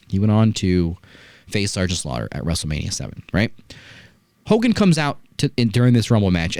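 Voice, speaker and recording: Animated man reviewing a wrestling match. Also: lowish voice, no room sound. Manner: animated storytelling, rhetorical "right?" asides. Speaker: wrestling podcast host. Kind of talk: casual review chat.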